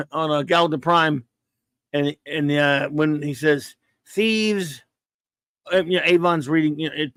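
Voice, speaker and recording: A man's voice: a little high, fairly bright tone, dry recording. A man talking casually as a guest, rambling enthusiastically and acting out quoted dialogue. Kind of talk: casual chat.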